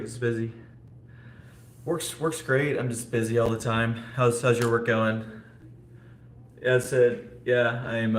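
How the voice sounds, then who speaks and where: A man talks loosely to his live viewers, rambling and filling gaps with little asides. His voice sits a bit low and carries no regional accent. The room is echoey, with a faint hum of ambient noise behind him. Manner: rambling, talks to chat viewers, frequent fillers. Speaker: vlogger. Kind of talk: casual live-stream chat.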